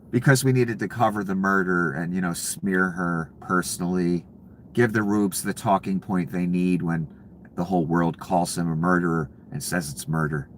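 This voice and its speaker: A man's voice: sits low, fairly even intonation, moderate pace, slight background noise. Sarcastic, profane male commentator. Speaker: political commentator. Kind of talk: reaction commentary on news clips.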